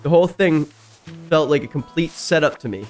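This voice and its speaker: A man streaming a game, reading stories aloud and breaking in with loud, jumpy reactions. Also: expressive, fairly quick, faint music behind. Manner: reacts loudly, jumps high in pitch. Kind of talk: casual reading and commentary while gaming.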